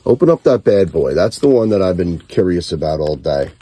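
A man's voice: deep voice, big pitch swings, a little fast, warm tone, slight background noise. A middle-aged man chatting casually while opening card packs with his son, giving wry, grumbling running commentary. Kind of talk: casual chat.

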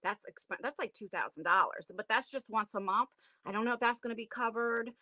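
A middle-aged woman runs a casual livestream from her attic, talking directly into a tablet as host of her channel. Her high, bright voice moves briskly as she rambles to viewers, full of fillers and self-conscious laughter. The sound is close and dry, with no echo.

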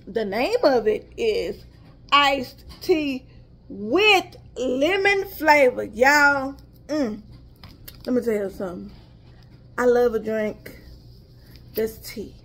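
Southern woman, high voice, chatty haul vlogger, talks straight to her viewers and wanders off on side stories. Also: a bit bright. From Texas. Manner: chatty, addresses viewers as y'all, drifts into asides. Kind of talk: casual chat to viewers.

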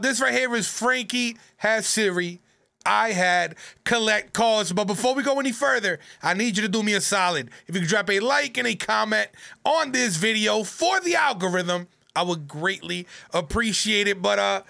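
A man's voice: sits high, vocal fry, pushed and bright. A man hosting a casual YouTube reaction video, talking in a hyped, slangy, laid-back way.

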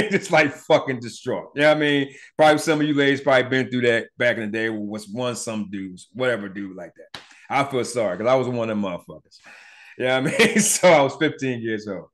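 A man's voice: mid-range voice, brisk. A middle-aged man hosting a podcast, telling a personal story in a casual, profane way and acting out the voices of the people in it. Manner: animated, profane, acts out voices in his retelling. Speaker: podcast host.

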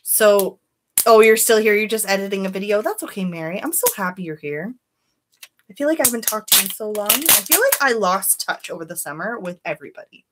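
A woman's voice: medium pitch, expressive, fairly quick, noisy background. A woman chatting casually on a beauty live stream, greeting viewers by name and giving candid opinions.

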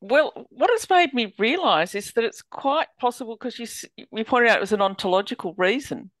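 A woman's voice: a little high, lively intonation, normal speed, a bit bright, dry recording. Woman graduate student, thoughtful musing, video call, dry close sound. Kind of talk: casual video call chat.

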